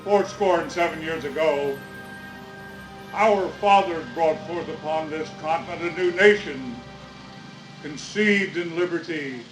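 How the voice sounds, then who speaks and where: A man playing a solemn 1860s president, reciting a formal address in a slow, measured way at a historical reenactment. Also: on the high side, echoey room, low-quality recording.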